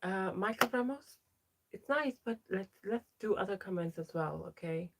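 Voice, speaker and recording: A woman's voice: medium pitch, expressive, moderate pace, a little hiss or hum. A young trans woman hosting a casual livestream, chatting as she reads out viewer names and answers their comments. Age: young adult. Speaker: livestream host.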